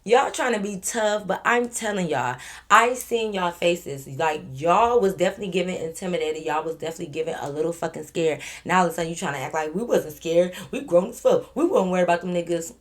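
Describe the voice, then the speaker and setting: A woman vlogger telling a personal story to camera, blunt and animated, swearing freely and talking straight to her viewers. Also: on the low side, fast talker.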